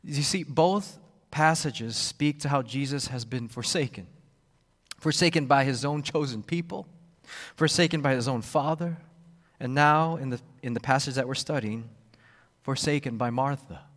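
A man's voice: medium pitch, moderate pace. Man preaching in a reverberant hall. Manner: expressive, acts out quoted voices, repeats words. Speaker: pastor. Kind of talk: sermon.

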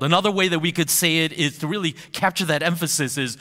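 A man, a pastor, preaching a sermon, who slows right down and draws out key phrases for emphasis. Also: a little high, pushed and bright, long reverb tail.

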